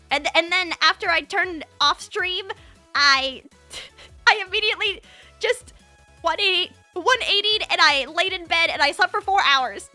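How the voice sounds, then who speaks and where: A woman streamer chatting casually with her viewers, energetic and rambling, often restarting her sentences, on a compressed studio mic. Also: very high voice, moderate pace, no echo, soft background music. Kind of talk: casual live-stream chat.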